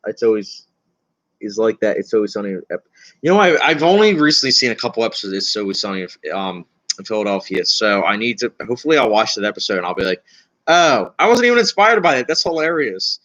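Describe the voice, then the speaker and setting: A young man chats through viewer questions on a casual livestream, rambling with lots of fillers and an anxious edge. His voice sits low. The sound is dull and lo-fi. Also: expressive, fast talker, a bit bright. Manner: rambling, chatty, frequent fillers, laughs often; self-described anxious. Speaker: filmmaker answering viewer questions.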